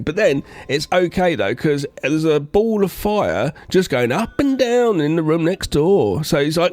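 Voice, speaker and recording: A man's voice: fairly high pitch, big pitch swings, normal speed, hardly any pauses, darkish tone. A man co-hosting a horror film podcast, chatting casually, swearing freely and acting out lines from the film. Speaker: podcast co-host. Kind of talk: casual film review chat.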